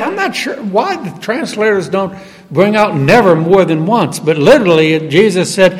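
A man preaches with a somewhat high voice that swings widely in pitch, leaning hard into every quoted verse. He is heard in a church sanctuary, and his voice trails off in a long reverb. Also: big pitch swings, moderate pace. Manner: emphatic, rising sharply on quoted verses. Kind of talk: sermon.

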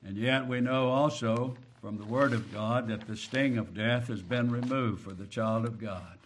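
Slow and deliberate, a male preacher moves between soft, low passages and forceful, loud emphasis on important words. His tone is steady, and there's a slight hiss or hum in the recording.

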